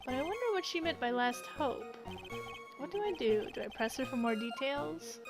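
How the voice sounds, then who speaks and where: High-voiced woman streamer, chatty. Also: big pitch swings, moderate pace, poor audio. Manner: chatty, playful. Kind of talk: casual let's-play commentary. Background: game music.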